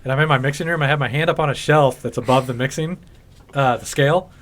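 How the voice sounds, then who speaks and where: A man co-hosting a podcast in casual chat, telling stories with plenty of swearing and animated energy. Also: mid-range voice, fast. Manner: profane, animated storyteller. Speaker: podcast co-host.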